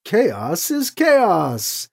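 A calm, scheming heretic who praises chaos in slow, stiff, formal phrases, put on by an audiobook reader. The voice is husky and the pitch swings widely. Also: heavily acted. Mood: sly, formal. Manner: stiff formal speech without contractions, unhurried.

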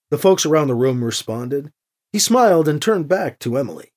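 A narrator reading a novel aloud in an expressive storytelling manner. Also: mid-range voice, normal speed. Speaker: audiobook narrator. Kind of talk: scripted narration.

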